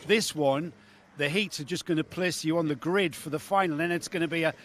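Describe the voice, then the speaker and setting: A man's voice: on the high side, a little fast, a bit bright, slight background noise. Enthusiastic male trackside presenter. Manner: enthusiastic, chatty, rambling questions. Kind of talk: live pit-lane interview.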